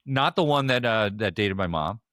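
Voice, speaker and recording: A man's voice: on the low side, expressive, normal speed, a bit bright, slight background noise. A man hosting a casual podcast chat, rambling with many fillers and restarts. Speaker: podcast host.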